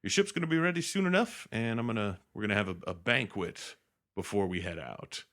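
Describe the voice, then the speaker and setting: A man voicing a smooth, confident male host figure in a breezy, reassuring tone. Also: fairly low pitch, lively intonation, a little fast, a bit bright.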